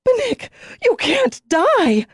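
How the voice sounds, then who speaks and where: A woman voicing a shrill, furious young dragonrider woman. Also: huge pitch swings, slow, no room sound, clean studio sound, full character voice. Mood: anguished. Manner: shrill, accusing outbursts.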